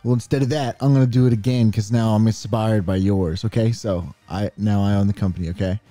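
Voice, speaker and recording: Man, comedy co-host, improvised storytelling, sudden shouts, faint music behind. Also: on the low side, fairly quick, no echo. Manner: animated, bursts into shouted character lines. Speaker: podcast co-host.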